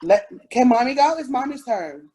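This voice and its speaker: A woman's voice: sits high, animated, normal speed, warm tone, slightly rough. A mother playing with her toddler over a picture book, sing-song and making animal noises. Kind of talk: playful talk with a toddler.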